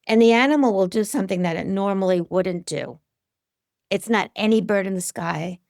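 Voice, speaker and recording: Gravelly-voiced woman telling a story. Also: normal speed, no room sound, studio quality. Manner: animated storyteller, acts out quotes with big pitch jumps. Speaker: medium, interview guest. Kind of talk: storytelling in a podcast interview.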